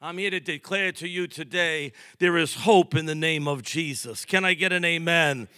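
High, bright-voiced preaching man. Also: normal speed, clean tone, no echo. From Massachusetts. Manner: emphatic preaching with rising bursts and quips. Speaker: pastor. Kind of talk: sermon.

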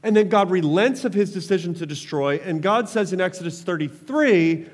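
A man's voice: high-pitched, expressive, normal speed, hardly any pauses, in a large hall. A man preaching a sermon as pastor, passionate, calling on the congregation to respond.

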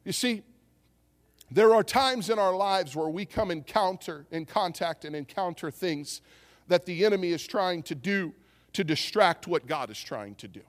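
Pastor, male, fairly high voice, lively storytelling sermon, long church reverb. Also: moderate pace. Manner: storytelling, animated, acts out quotes. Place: church sanctuary.

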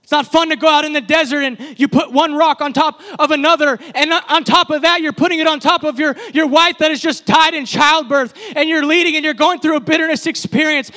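Man preaching in a high, bright voice. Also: a little fast, hardly any pauses. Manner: impassioned preaching with repetitive, building phrases. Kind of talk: sermon. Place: church service.

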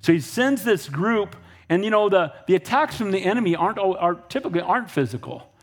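High-voiced, blunt, conversational preacher. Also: male voice, fairly quick. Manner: energetic and conversational, often asks "Amen?" and blunt asides. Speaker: pastor. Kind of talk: sermon.

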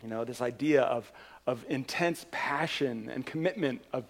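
A man preaching a sermon as pastor, telling a story in an animated way and driving points home with emphatic repetition. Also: mid-range voice, moderate pace, slight background noise.

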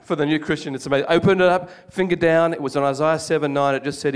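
Older Australian man, lively storytelling preacher. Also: fairly high pitch, fast talker, clear, resonant tone. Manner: animated storytelling with jokes, acts out quoted voices. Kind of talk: sermon.

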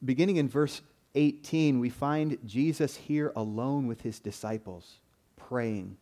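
A man's voice: mid-range voice, a little slow, warm tone. A man preaching a sermon in an earnest way, often repeating a word as he starts a phrase.

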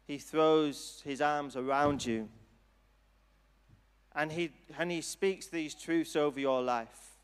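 A man's voice: a little high, clear, resonant tone. Earnest man preaching in a reverberant hall. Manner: earnest, gentle, unhurried. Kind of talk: sermon with altar call.

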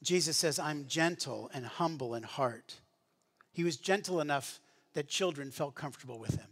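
A man preaching a sermon in an earnest, conversational teaching manner, often restarting his phrases. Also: a little high. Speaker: pastor.

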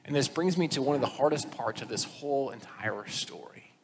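A male pastor giving a sermon, casual and lively, often slipping into animated retellings. His mid-pitched voice carries a long reverb tail from a large hall. Faint background noise sits under the recording. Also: brisk. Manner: conversational, animated storytelling with acted quotes.

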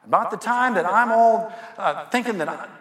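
Folksy male preacher, reflective, high bright voice, roomy hall. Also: expressive, normal speed. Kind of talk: sermon storytelling. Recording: echoey hall with long reverb.

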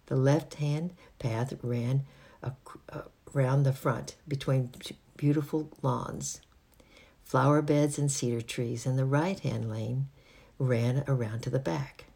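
A reader narrating a children's book aloud in a husky, gravelly voice, with occasional slips and restarts. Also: medium pitch, fairly even intonation, slow, darkish tone. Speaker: audiobook reader.

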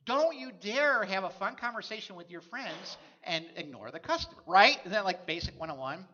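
A man's voice: high voice, animated, normal speed, sharp tone, highs cut off. A man preaching a sermon as a pastor, telling stories in a conversational way.

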